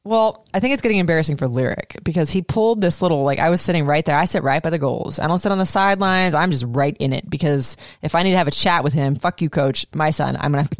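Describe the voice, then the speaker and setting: A woman in her thirties, co-hosting a casual chat, animated and swearing freely. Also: low-pitched, no room sound, clean studio sound. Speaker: podcast co-host.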